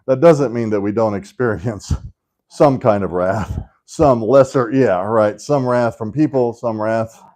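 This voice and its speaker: A man with a medium-pitched, slightly mellow voice speaks unhurriedly as he teaches a Sunday school class. His style is casual and conversational, with joking asides and frequent check-ins of "right?"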